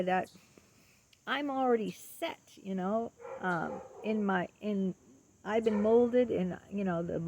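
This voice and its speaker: A woman in her late fifties speaks in an earnest personal monologue, her voice roughened by a gravelly fry. She stops and restarts often, filling gaps with ums and posing rhetorical questions as she explains. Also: medium pitch, a little mellow. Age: 50s. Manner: halting, with many ums and restarts. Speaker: vlogger.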